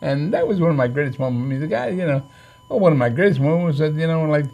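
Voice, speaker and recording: Talking fast and animatedly in a slightly high, darkish voice, this older man trains and manages boxers. In an interview he rambles through lengthy stories, stumbling over fillers and restarts while performing quoted lines.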